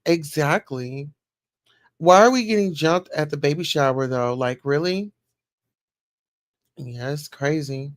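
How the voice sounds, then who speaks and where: A woman's voice: sits low, a little slow, pauses often, no room sound, studio quality. A woman hosting a casual livestream, chatting as she reads news and viewer comments aloud and reacts to them. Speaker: livestream host.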